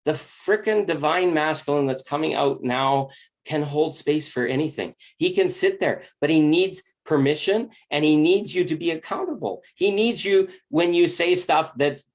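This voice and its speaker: A man's voice: a little high, moderate pace. A man giving a confessional monologue about relationships. He speaks intensely and bluntly, swears freely, and sounds earnest and emotionally open. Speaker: spiritual relationship coach.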